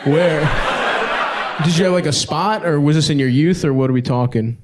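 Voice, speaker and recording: A man's voice: a little high, normal speed. Teasing, swearing stand-up comic man. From United States. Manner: profane, teasing, laughs through his lines. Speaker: stand-up comedian. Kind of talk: stand-up crowd work. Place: music venue stage before a live audience. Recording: echoey club room with loud crowd noise.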